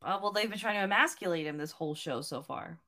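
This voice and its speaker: Low-voiced woman in casual chat. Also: animated, fast talker, bright, forceful tone.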